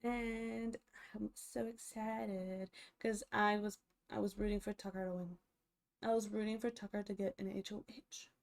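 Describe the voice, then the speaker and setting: A woman's voice: mid-range voice, little pitch movement, normal speed, vocal fry. A young woman casually recapping a reality TV episode, chatty and full of fillers and restarts.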